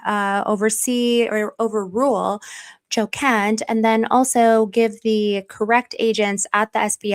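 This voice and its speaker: Chatty woman livestreaming to viewers. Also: mid-range voice. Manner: chatty, reads viewer comments aloud, gushing and emotional when thanked. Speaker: livestream host. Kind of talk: casual livestream commentary. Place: warm room at home.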